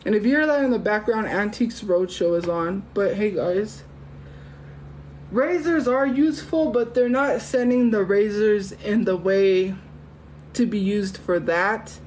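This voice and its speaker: A woman's voice: medium pitch, measured pace, a little mellow, a little hiss or hum, rough recording. A woman live streaming, chatting to viewers in a rambling, exasperated way. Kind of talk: casual live-stream chat.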